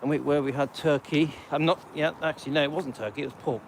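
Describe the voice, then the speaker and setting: A man's voice: on the high side, fairly even intonation, quick pace, vocal fry, a little hiss or hum. Rambling middle-aged Englishman walking outdoors. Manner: rambling, chatty, loose asides with many ums. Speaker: channel host. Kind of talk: casual live-stream chat while walking. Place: outdoors on a residential street, walking a dog.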